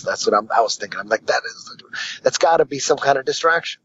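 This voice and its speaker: A man's voice: mid-range voice, lively intonation, fast, a bit bright, lo-fi sound. A man, a martial arts instructor, telling a long story as a guest on a casual podcast, rambling and profane with lots of restarts.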